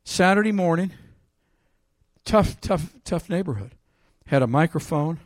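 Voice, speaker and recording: A man preaching a sermon, reading scripture aloud with loud emphasis and telling a personal story in a quieter voice. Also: a little high, lively intonation, measured pace, no echo, clean studio sound.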